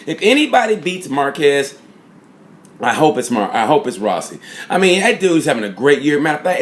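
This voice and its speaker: A man giving a casual, rambling recap of motorcycle races, full of fillers and shout-outs. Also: a little high. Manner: rambling, lots of fillers and "props". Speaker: motorsport fan reviewer. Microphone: phone or camera mic.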